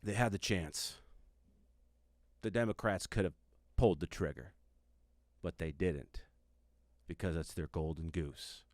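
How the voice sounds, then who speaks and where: A man hosting a comedy podcast, giving a mock-serious monologue with dramatic pauses and muttered asides. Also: low voice, dry recording. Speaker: comedian host.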